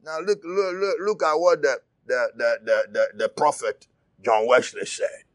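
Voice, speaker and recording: A man preaching a fiery sermon, shouting and crying out, repeating his words as he presses his listeners. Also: a little high, lively intonation, measured pace, no room sound.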